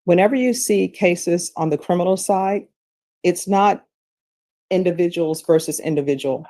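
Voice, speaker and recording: A woman's voice: on the low side, normal speed, dark tone. A woman judge patiently explaining criminal procedure from the bench in a methodical way.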